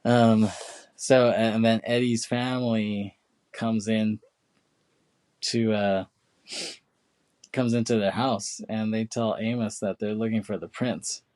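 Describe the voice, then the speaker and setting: A man co-hosting a podcast, casually retelling film scenes with many fillers and quick put-on quotes of the characters. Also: on the low side, flat delivery, darkish tone. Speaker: podcast co-host. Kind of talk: casual chat.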